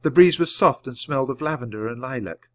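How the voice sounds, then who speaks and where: A man reading a children's storybook aloud at a natural, measured pace for learners. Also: medium pitch, lively intonation, darkish tone. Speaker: audiobook reader. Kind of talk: storybook narration read aloud.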